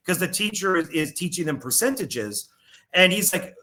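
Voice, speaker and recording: A man co-hosting a casual film podcast, rambling through his points. His voice sits a little high for a man. He slips into quick character voices as he talks. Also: pushed and bright. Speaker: co-host.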